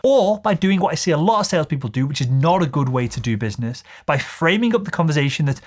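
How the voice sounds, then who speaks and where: A man's voice: fairly high pitch, lively intonation, quick pace, hardly any pauses. A man teaching sales in an instructional video, speaking in an assertive, emphatic coaching manner. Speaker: sales trainer.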